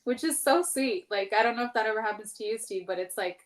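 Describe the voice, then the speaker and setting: A woman's voice: medium pitch, fast talker. Candid, rambling woman in her thirties. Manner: candid, rambling, heavy use of "like", swears freely. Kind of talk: casual podcast chat.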